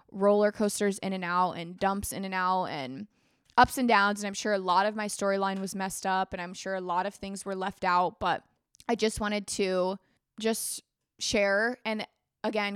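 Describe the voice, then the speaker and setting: A woman's voice: medium pitch, fairly bright tone, clear, resonant tone, dry recording, studio quality. A woman hosting a podcast, talking earnestly in a rambling personal monologue, full of "like" and restarts. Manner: earnest, rambling, heavy use of "like". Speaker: podcast host.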